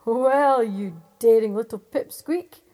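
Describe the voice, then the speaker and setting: A woman storyteller voicing a huge male giant who roars with laughter and mocks loudly. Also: fairly high pitch, takes it slowly. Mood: mocking. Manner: loud, gruff.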